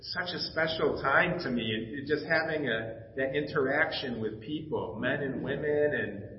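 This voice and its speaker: A man's voice: medium pitch, normal speed. A middle-aged man preaches from the pulpit and shares a personal story, quoting the other people in it as he goes. His voice rings through a reverberant church sanctuary. The recording is slightly dull, with faint background noise. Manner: storytelling, acting out dialogue, emotional. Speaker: pastor. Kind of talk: personal testimony in a sermon.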